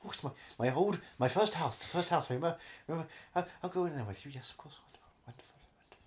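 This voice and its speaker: A grandly self-important old film knight, as a comedian puts him on, drawling every phrase and savoring the word "wonderful" over and over. His voice swoops up and down a great deal, then often sinks to a hushed murmur. A faint hiss of noise runs under the recording. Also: medium pitch, expressive, fast talker, lightly acted. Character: pompous aging knighted film actor, self-absorbed. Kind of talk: comic celebrity impression.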